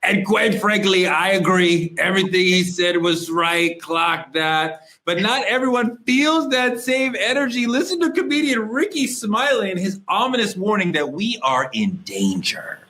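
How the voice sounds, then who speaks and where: Male host, political talk show, high pitched, blunt, emphatic. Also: lively intonation, normal speed, few pauses, bright, forceful tone.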